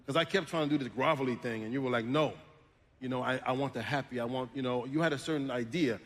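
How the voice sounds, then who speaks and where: A man whose first language is French, a voice actor telling anecdotes on a panel, relaxed and often laughing. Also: medium pitch, fast. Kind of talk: casual panel storytelling. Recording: long reverb from a convention hall stage.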